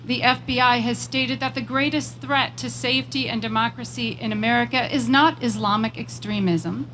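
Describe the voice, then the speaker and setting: Woman, rally speech, somewhat high voice, measured, emphatic, storytelling, faint background noise. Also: a bit bright, rough recording. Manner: measured, emphatic, slows on repeated phrases; personal storytelling. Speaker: rally speaker. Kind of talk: prepared political speech.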